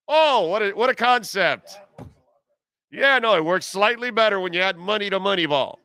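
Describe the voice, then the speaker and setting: A man's voice: high voice, expressive, moderate pace, bright, forceful tone, no room sound, clean studio sound. A man hosting a live sports radio show, ranting sarcastically and reading listener comments. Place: car dealership live broadcast.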